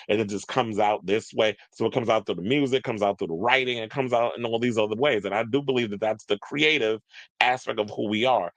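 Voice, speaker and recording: A man's voice: mid-range voice, a bit bright, no echo. Chatty man doing celebrity commentary. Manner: chatty, opinionated, rambling asides. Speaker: entertainment commentator. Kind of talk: casual celebrity news commentary.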